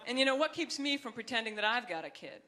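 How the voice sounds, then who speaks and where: A young woman doing a stand-up comedy set, talking in a wry, chatty way and breaking into high, shrill voices for the people she acts out. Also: animated, fast talker, pushed and bright, some chatter behind. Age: young adult. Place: comedy stage before a live audience. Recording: live club set with audience laughter.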